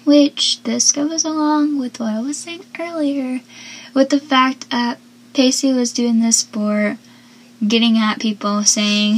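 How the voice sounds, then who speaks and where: A young woman talks through a TV episode in a loose, chatty way, leaning on lots of fillers as she goes. Her voice sits a little high and comes out breathy. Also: steady tone, slow, poor audio. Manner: chatty, filler-heavy, reads out quotes. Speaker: recap commentator. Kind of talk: casual chat recapping a TV episode.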